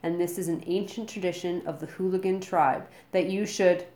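A woman's voice: fairly low pitch, steady tone, normal speed, a little mellow, echoey room, lightly acted. A woman voicing a giant one-eyed Viking man who screams his orders at a group of boys. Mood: bellowing.

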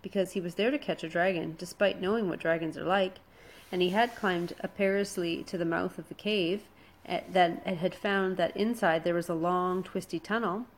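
A woman narrating a children's adventure storybook in a steady, expressive reading voice. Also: lowish voice, poor audio.

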